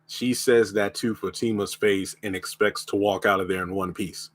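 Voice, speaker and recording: A man's voice: lowish voice, fairly even intonation, moderate pace, hardly any pauses, fairly bright tone. A man with a lingering cough, bluntly reviewing a TV show in a casual live stream. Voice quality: blunt, opinionated.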